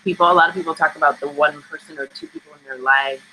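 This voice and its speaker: A woman's voice: deep voice, fairly even intonation, fast talker, pushed and bright, a little hiss or hum, poor audio. A woman screenwriter answering interview questions over a video call, talking candidly in a chatty, storytelling way. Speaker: screenwriter guest.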